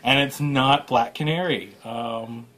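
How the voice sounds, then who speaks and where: A man hosting a toy review, chatting casually and joking through an unboxing. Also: medium pitch. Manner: joking, rambling, quick asides. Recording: loud background noise.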